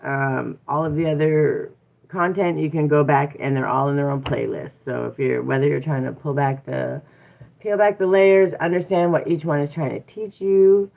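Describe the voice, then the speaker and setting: Low-voiced woman on a tinny line. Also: fairly even intonation, normal speed, creaky. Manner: playful, laughs often, breaks off to correct her child. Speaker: channel host and mother. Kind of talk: casual live chat. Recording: tinny phone-like sound.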